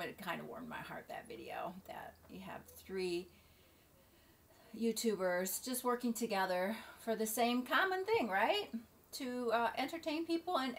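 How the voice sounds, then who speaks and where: A middle-aged woman vlogging casually, rambling and halting with many fillers and restarts. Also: fairly high pitch, a bit bright, a little hiss or hum. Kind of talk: casual opinion vlog. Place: at home near the beach.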